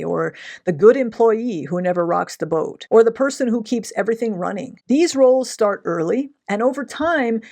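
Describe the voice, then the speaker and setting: Gentle, measured woman self-help host. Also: medium pitch, creaky. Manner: gentle, measured, speaks straight to the listener. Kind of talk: calm reflective self-help talk.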